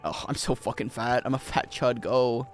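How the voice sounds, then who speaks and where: A man's voice: moderate pace, soft background music. A young man streaming a video game, rambling and joking casually with his chat. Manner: rambling, joking, animated swings in pitch.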